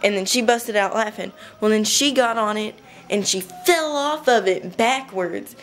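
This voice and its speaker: A young woman casually telling a rambling story to her webcam at home, chatty and giggly, with quick bursts. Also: medium pitch, soft background music. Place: home room.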